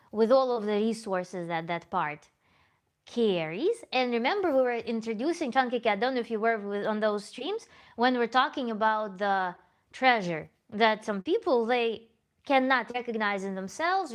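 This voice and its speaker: A woman tantra coach hosting a livestream Q&A, reading chat comments aloud in a thoughtful, self-correcting way with small laughs. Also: a little high.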